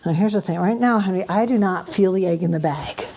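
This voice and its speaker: A woman magician performing a playful magic show for children, swinging between mock-outraged shouts and hushed whispers. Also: on the low side, quick pace, vocal fry.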